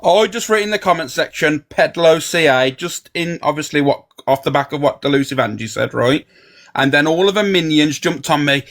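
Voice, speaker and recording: A man's voice: fairly high pitch, expressive, normal speed, a bit bright. A man, scornfully dismissing others and mocking their reactions in a live-stream argument.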